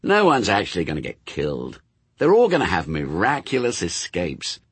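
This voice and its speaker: A snappish, sarcastic demon, played by a male narrator. His delivery swings widely in pitch, biting and quick to mock, with a husky grain in a dry, close room. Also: wildly swooping pitch, dry recording, heavily acted. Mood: sardonic. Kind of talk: audiobook character voice.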